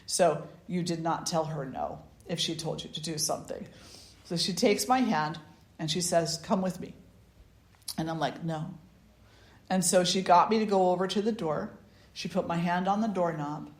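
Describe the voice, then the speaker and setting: A woman's voice: on the low side, moderate pace. Woman telling a story in an echoey hall. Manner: conversational, with many restarts and asides. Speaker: spiritual teacher. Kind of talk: storytelling talk at a spiritual gathering. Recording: echoey room.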